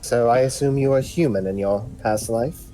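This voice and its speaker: A player in a tabletop game, playful and quick to laugh, with faint music behind. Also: mid-range voice, mellow, rough recording.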